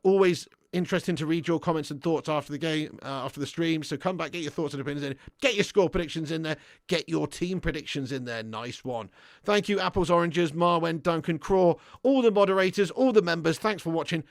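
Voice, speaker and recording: A man running a football fan live stream, with a raised, gravelly voice. He chats casually, reads out viewer comments and trades blunt, cheery banter. The sound is dry and close, with no room around it. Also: on the high side, fairly quick, no room sound. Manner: blunt banter, loud and upbeat when hyping. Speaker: football fan channel host.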